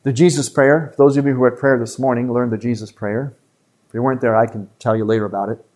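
A man, a priest giving a retreat talk to a live audience in an earnest, emphatic way with quick asides. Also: mid-range voice, fairly even intonation, a little mellow.

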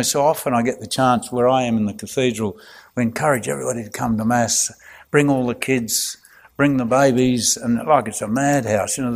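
Gently humorous clergyman. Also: mid-range voice. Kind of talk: reflective spoken talk.

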